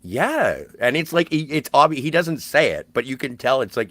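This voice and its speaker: A man's voice: medium pitch, sing-song, moderate pace, a bit bright, no echo. A man co-hosting a podcast, talking about a film emphatically and swearing freely. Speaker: podcast co-host. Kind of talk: casual film discussion.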